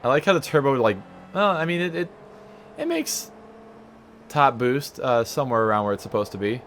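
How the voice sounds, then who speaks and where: This let's-play gamer has a medium-pitched, slightly bright voice and speaks fast over slight background noise. Playing a racing game from home, he keeps up a loose, rambling stream of self-deprecating remarks, breaking into goofy sung stutters.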